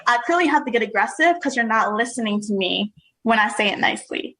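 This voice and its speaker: A woman's voice: on the high side, expressive, fast talker, fairly bright tone, rough recording. A woman co-hosting a podcast in casual chat, assertive and laying out her views point by point. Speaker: podcast co-host.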